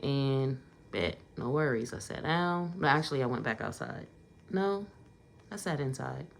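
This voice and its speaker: A woman with a strikingly deep, low voice tells a casual storytime vlog. She talks conversationally and leans into emphatic asides. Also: animated, unhurried, vocal fry.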